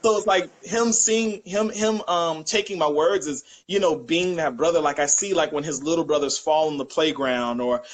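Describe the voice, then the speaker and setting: A young man chatting as a podcast guest, telling lively family stories and acting out quotes with laughter. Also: fairly high pitch, normal speed, few pauses, poor audio. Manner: animated storyteller, acts out quotes with laughter. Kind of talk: casual chat.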